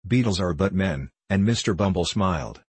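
A man narrates a classic novel in a measured, formal reading. His voice is very low and slightly husky. The sound is dry and close, with no room around it. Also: animated, a little mellow, no echo. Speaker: audiobook narrator.

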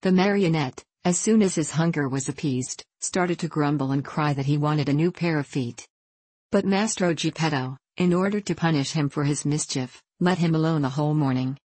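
A woman narrating a children's storybook in a steady, measured reading voice. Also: low voice, breathy edge, no echo. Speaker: audiobook narrator.

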